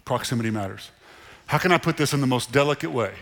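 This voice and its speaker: A pastor delivers an animated, conversational sermon full of repeated phrases, his medium-pitched voice racing. He's in a church sanctuary with the congregation present, and the large hall gives the recording a long reverb.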